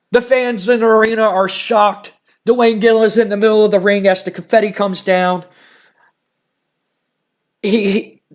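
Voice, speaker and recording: Excitable high-voiced male gamer. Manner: excitable, stammering disbelief. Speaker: let's play host. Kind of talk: let's play narration.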